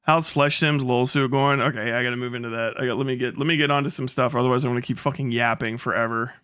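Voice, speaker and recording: A man's voice: medium pitch, fast, clean tone. A young man hosting a livestream, talking in a loose, profane rant and laughing often. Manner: profane, excitable, laughs often, slips into mock voices. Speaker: livestream host.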